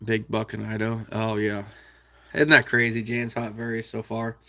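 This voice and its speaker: A man's voice: on the low side, completely flat delivery, normal speed, creaky, pushed and bright. Chatty man answering live chat. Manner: chatty, laughs often, answers viewers by name. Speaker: trapping channel host reading live chat. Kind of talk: casual live-stream chat.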